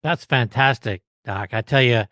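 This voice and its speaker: A man's voice: mid-range voice, moderate pace, pushed and bright, no echo, clean studio sound. A man hosting an interview, talking casually and self-deprecatingly with frequent restarts. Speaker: host.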